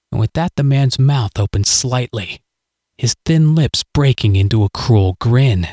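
A man reading a scripted story aloud, measured and dramatic. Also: medium pitch, animated, warm tone, no echo, clean studio sound. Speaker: narrator.

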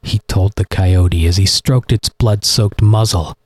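A man reading a horror story aloud in an expressive, dramatic narrating style. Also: low voice, unhurried, husky, no echo. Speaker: audiobook narrator.

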